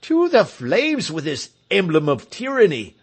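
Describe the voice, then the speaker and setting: Male narrator doing an excited crowd of village men, exclaiming high and loud. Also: slow pace, breathy edge, exaggerated voice. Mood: defiant.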